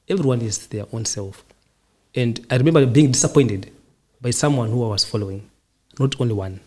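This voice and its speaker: Podcast host, male, husky tone, calm and reflective answers in repeated short lines. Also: mid-range voice. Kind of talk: casual interview answers.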